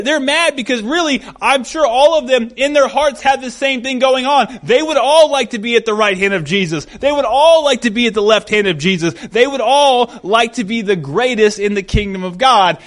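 A man's voice: very high-pitched, fairly bright tone. A man preaching a conversational sermon, acting out the voices of the people he quotes.

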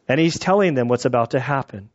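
A man's voice: mid-range voice, animated, fast. Man, casual Bible teaching, acts out quotes, dull lo-fi sound. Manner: conversational, acts out quotes with laughs.

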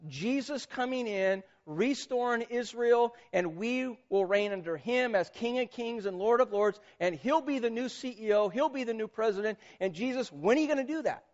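A male pastor delivers a sermon in an animated, conversational way, tossing questions to his listeners. His voice sits fairly high for a man. The recording sounds dull and lo-fi. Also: normal speed, hardly any pauses. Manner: animated, conversational, quizzes audience.

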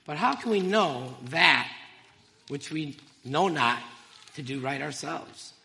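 A man giving an emotional, halting church testimony, with fillers and small laughs. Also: on the high side, animated, gravelly, sharp tone, long reverb tail.

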